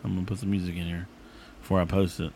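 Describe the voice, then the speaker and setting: A man's voice: sits low, level tone, rapid-fire, creaky, dark tone, a little hiss or hum. A man hosting a casual podcast chat, talking in a laid-back, agreeing way. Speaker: podcast host.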